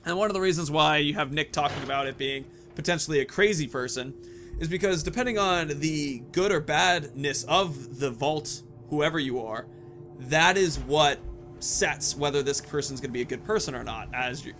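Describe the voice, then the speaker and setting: A man's voice: a little high, moderate pace, a bit bright, soft background music. A man casually commenting over gameplay, chatty and jokey. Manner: chatty, jokey, laughs often.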